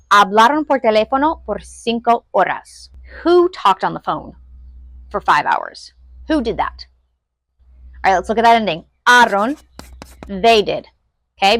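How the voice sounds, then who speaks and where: A woman's voice: a little high, a bit bright. A woman teaching a Spanish lesson in a casual, upbeat way, quizzing the viewers as she goes.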